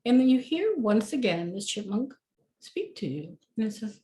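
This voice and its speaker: A woman guides a meditation in a warm, mellow voice. She talks loosely and chattily and leans on fillers as she goes. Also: mid-range voice, very animated, moderate pace. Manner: casual, chatty, many fillers.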